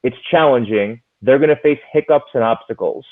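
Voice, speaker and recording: A man's voice: mid-range voice, normal speed. A man who is a psychologist, giving earnest advice in casual conversation and explaining with concrete examples. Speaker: psychologist, interview guest. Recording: tinny phone-like line.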